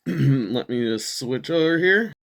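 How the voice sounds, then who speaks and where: A man's voice: mid-range voice, lively intonation, slow. A young man hosting a show, ranting profanely through political commentary with frequent laughs and mockery. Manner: profane, laughs often, mocking. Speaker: show host.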